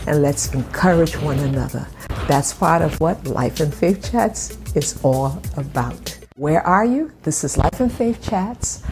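A middle-aged woman hosting a faith podcast from her home, talking in an encouraging way and slowing down to stress her points. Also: sits low, gravelly. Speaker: podcast host. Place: home room at a glass table.

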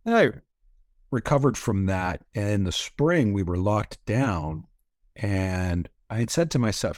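A man's voice: fairly low pitch, animated, measured pace, darkish tone, dry recording, studio quality. A middle-aged man from Canada, candidly telling a long personal story in a casual interview, rambling with many fillers and frequent swearing. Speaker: podcast guest.

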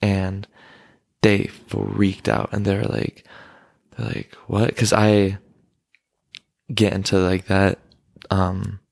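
A man's voice: fairly low pitch, monotone, takes it slowly, gravelly, pauses often, darkish tone, no echo, studio quality. A young man in casual podcast chat with his mother, rambling with lots of fillers. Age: young adult. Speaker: guest, son of host.

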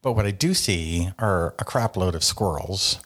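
Deep-voiced man, rambling podcast chat. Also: animated, a little slow, fairly bright tone. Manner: rambling, filler-heavy, joking. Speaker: podcast co-host. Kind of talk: casual chat.

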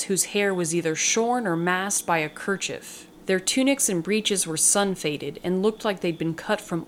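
A woman hosting a podcast and reading a short story aloud in a measured, descriptive way. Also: fairly low pitch, slight background noise.

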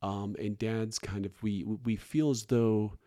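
A middle-aged man, a foster parent, talking candidly and earnestly as a podcast guest, often pausing and restarting. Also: lowish voice, fairly even intonation, mellow. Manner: earnest, halting, frequent restarts and fillers.

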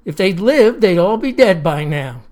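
A man's voice: high-pitched, animated, a little slow, darkish tone. A narrator voicing a smug, self-important older man who boasts in a folksy way.

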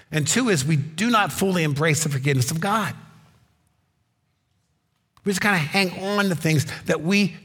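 A fairly high, husky male voice delivers a relaxed, story-driven sermon. He talks to the congregation like a friend, slipping in dry little jokes. A long reverb trails behind every phrase, as in a large church hall. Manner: conversational storytelling preacher with wry asides. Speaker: pastor.

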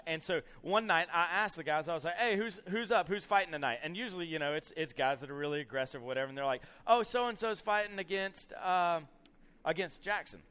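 Animated man telling a story. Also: on the high side. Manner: animated storyteller acting out scenes, many "you know" fillers. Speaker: camp speaker. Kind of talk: storytelling sermon to youth.

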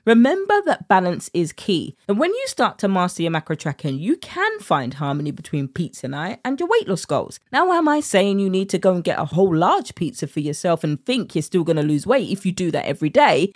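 A woman's voice: lowish voice, dry recording, studio quality. A British woman hosting a weight-loss podcast as a coach, chatting casually with punny jokes and rhetorical questions.

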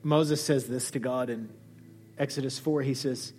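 A man preaching a sermon as a pastor, animated, acting out the dialogue he quotes. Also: normal speed, slightly rough. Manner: lively, acts out quoted dialogue with shifting pitch. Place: church hall.

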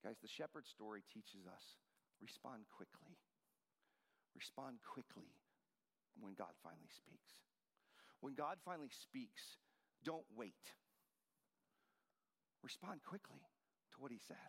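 A man's voice: a little high, a bit bright, long reverb tail. A man in his forties preaching a sermon, telling a personal story in a conversational style. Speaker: pastor.

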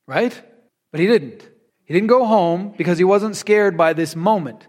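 A male preacher giving a conversational sermon, reading scripture aloud and retelling it in an animated, storytelling way. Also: sits high, moderate pace.

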